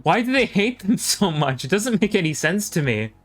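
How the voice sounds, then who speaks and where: Slightly high-voiced male game commentator. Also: big pitch swings, soft background music. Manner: quick play-by-play, chatting with viewers between plays. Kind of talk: live game play-by-play commentary.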